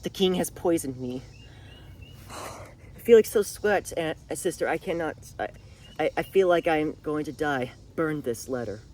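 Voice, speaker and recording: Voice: medium pitch, measured pace, a little mellow, lightly acted. A speaker acting out a dying young noblewoman begging her sister to come, weak and faltering. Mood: faint pleading. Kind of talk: acted retelling of a TV scene.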